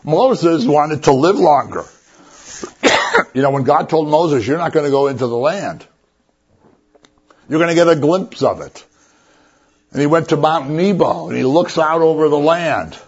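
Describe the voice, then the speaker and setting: A man's voice: fairly high pitch, animated, unhurried, long pauses, husky. A man preaching a sermon as a pastor, conversational and joking as he retells the story. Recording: dull lo-fi recording.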